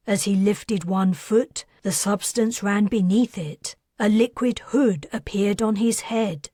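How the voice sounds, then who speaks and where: A woman narrating her own science fiction audiobook in a soft, measured way, dropping to a near whisper at times. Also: mid-range voice, no room sound, clean studio sound.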